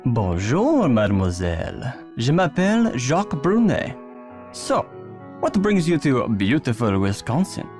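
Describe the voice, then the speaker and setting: Suave French ski pro. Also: male voice, medium pitch, wildly swooping pitch, measured pace, darkish tone, faint music behind. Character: charming French ski pro, smooth suitor. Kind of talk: video game voice acting.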